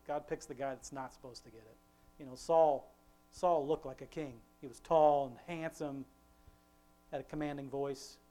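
A father leads an informal family devotion, rambling conversationally and restarting often, then slowing to quote scripture with emphasis. His mid-range voice is mellow and steady.

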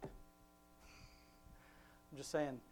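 A father leading an informal family devotion, talking in a rambling, conversational way with many restarts, and slowing down to quote scripture with emphasis. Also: a little mellow, a little hiss or hum.

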